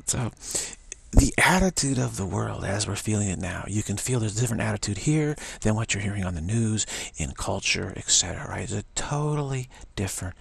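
A man's voice: lowish voice, lively intonation, fairly quick, gravelly, breathy edge, no room sound. A man giving a spiritual pep talk, who speaks emphatically, rambles and repeats phrases. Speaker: spiritual teacher.

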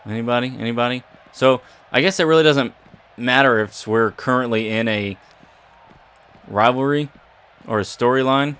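A man's voice: medium pitch, normal speed, fairly bright tone, clear, resonant tone. A man giving playful, jokey commentary over a wrestling video game and talking back to its characters. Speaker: gaming YouTuber. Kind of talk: casual gameplay commentary.

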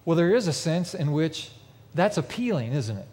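A man's voice: fairly high pitch, animated, normal speed, warm tone. A man preaching a sermon in a large church with a mezzanine, telling a vivid, emphatic story to his congregation. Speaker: pastor. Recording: long reverb of a big church hall.

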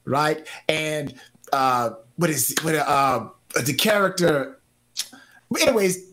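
A man hosting a sports talk show in casual chat, animated, laughing often and repeating phrases. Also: a little high, takes it slowly. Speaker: host.

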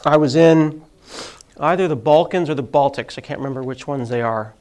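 This tech presenter's voice is on the high side, brisk and darkish in tone. In his forties and sniffling from a cold, he uses a handheld mic for a live, chatty talk in a meeting room, poking fun at himself.

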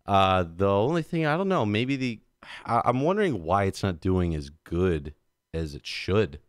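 Lage mannenstem, enthousiast vertellend. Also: male voice, fairly low pitch, normal speed, no echo, clean studio sound. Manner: animated storyteller, slips into mobster impressions. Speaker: podcast co-host. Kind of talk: casual chat.

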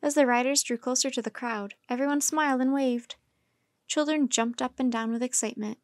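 A woman reading a children's chapter book aloud in a calm, measured way. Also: high-pitched, dry recording, clean studio sound. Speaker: storyteller.

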